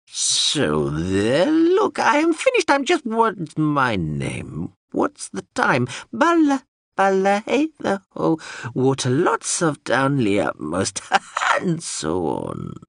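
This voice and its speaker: A giggly babbling broken drone. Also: male voice, wildly swooping pitch, slow pace, creaky, a bit bright, no echo, studio quality, full character voice. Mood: manic babbling. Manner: high nonsense babble broken by laughter.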